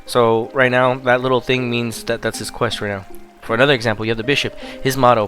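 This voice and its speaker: A man's voice: mid-range voice, fast, soft background music. Man casually narrating a video game. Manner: relaxed, chatty, explains as he plays. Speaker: game streamer. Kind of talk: casual gameplay commentary.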